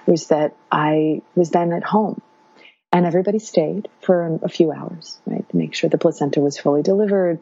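Guest woman, 30s, low husky voice, rambling storyteller with lots of ums, dull lo-fi recording. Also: no echo. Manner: warm, meandering, many fillers. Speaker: guest sharing birth story. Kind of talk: casual interview storytelling. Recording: dull lo-fi sound.

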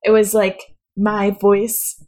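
A woman gives a conversational lesson on speaking, coaching the listener directly. Her voice sits at an ordinary middle pitch. She talks it through in a relaxed, practical way. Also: takes it slowly. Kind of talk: instructional talk.

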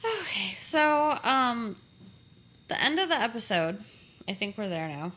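A woman's voice: on the high side, very animated, measured pace, a bit bright. A woman co-hosting a podcast, chatting casually and a bit hesitantly with fillers while recapping a TV episode. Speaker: podcast co-host.

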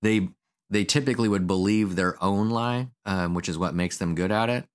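A man with a very low voice hosting a relaxed podcast conversation. He is a therapist who talks loosely and chattily, laughs often, and slips into little acted-out quotes. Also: moderate pace. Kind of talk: casual podcast chat.

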